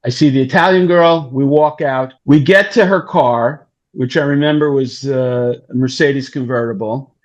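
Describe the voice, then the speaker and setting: A man's voice: medium pitch, moderate pace, hardly any pauses, highs cut off. A man telling a long anecdote in a casual interview, acting out the voices of the people in it. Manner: animated, acts out quoted voices. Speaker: guest storyteller, talent manager.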